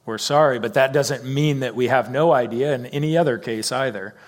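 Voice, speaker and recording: A man, a church leader, answering questions in a careful, hedging, measured way. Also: medium pitch. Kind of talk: church Q&A discussion.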